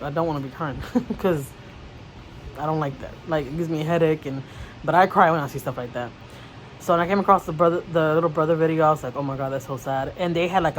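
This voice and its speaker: A woman's voice: on the low side, slight background noise, poor audio. Rambling woman vlogger. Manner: rambling, with many restarts and repeated words; emotional storytelling. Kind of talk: casual chat to camera.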